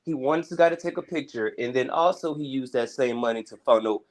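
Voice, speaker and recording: A man's voice: medium pitch, a little fast. A man calling in to a live stream who explains gossip at length. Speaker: caller. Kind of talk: call-in chat.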